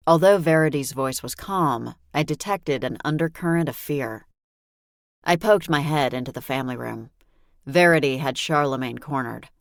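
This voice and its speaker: A woman with a strikingly deep voice narrates a story in the first person. Her tone is dry and wry. The sound is close and dead, with no room around it. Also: normal speed, no echo. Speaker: audiobook narrator.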